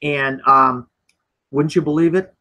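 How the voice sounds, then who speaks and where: A man's voice: fairly high pitch, fairly even intonation, measured pace, pushed and bright. A man hosting a casual film discussion, recapping the plot and leading the talk. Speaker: podcast host.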